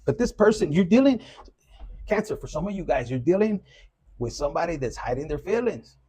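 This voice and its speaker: A man's voice: a little high, sing-song, brisk, mellow, breathy edge. A man giving a loose, profane, casual collective tarot reading. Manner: loose and profane, with Spanish slang mixed in. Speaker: tarot reader.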